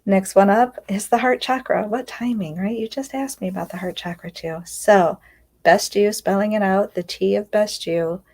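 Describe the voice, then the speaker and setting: An inner healing coach, her mid-range voice a little mellow and her pace moderate, delivers a confiding self-help talk on a live stream. She's earnest, at times close to tears, and repeatedly asks "right?".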